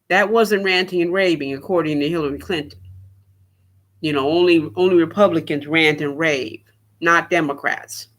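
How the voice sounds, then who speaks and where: Bright, high-voiced man riffing sarcastically. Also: steady tone, normal speed. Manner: rambling, sarcastic, laughs at his own points. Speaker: podcast host. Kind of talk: solo political commentary.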